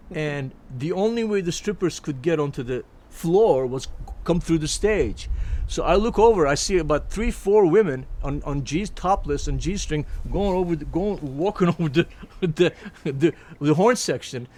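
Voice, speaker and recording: A man around eighty from Turkey, telling lively stories from his career as a jazz pianist and voicing the people he quotes. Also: on the high side, measured pace. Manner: lively anecdotes, quotes people in put-on voices, frequent restarts. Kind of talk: reminiscing storytelling.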